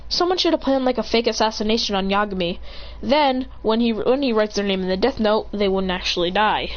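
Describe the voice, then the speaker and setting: A woman's voice: mid-range voice, a little fast. A woman telling a story in a casual, rambling way, swearing and jumping between asides. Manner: rambling, swearing, acts out character voices. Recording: dull lo-fi recording.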